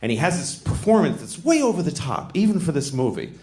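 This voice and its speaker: A middle-aged man doing a stand-up comedy set in a large venue, talking in an animated way and acting out voices. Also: fast talker. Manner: animated, acts out voices with big jumps in pitch. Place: large venue with a live audience. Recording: roomy live hall with crowd noise. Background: audience laughter.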